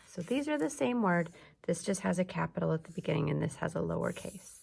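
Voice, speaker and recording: Woman teacher, early reading lesson, slow drawn-out words, gravelly, a little low. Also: lively intonation, a little mellow.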